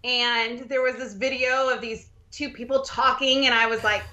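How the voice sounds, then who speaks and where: A middle-aged woman, a podcast guest, telling her story in an animated way, often laughing and acting out quotes. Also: a little high, moderate pace, highs cut off. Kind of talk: casual storytelling interview.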